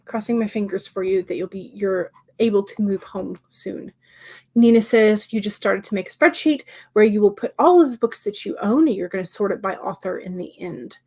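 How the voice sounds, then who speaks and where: A woman hosting a writing livestream, casually reading out viewers' comments and answering them in a chatty way, sometimes dropping to soft murmurs. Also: medium pitch, normal speed, slightly rough. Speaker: livestream host.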